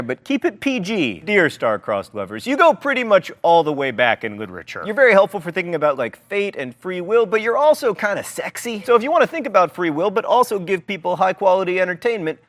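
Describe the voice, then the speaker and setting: A man in his thirties hosting an educational video, delivering a scripted, fast-moving lecture with jokey asides. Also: high voice. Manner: jokey, animated, with comic asides.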